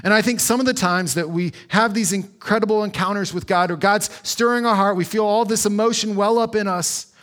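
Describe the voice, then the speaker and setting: High-voiced man preaching a sermon. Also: fairly bright tone. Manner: earnest, conversational preaching with slow emphatic stretches. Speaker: pastor.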